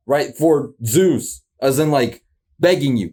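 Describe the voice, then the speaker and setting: A man's voice: on the high side, a little slow. A man hosting a reaction video, talking casually in rambling bursts, with frequent laughs and confused exclamations. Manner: animated, rambling, laughs often.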